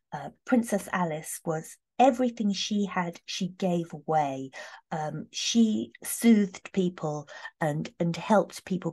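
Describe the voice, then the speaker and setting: A woman chatting warmly through a tarot reading, heartfelt, with many fillers and restarts. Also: deep voice. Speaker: tarot reader. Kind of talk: casual tarot reading talk.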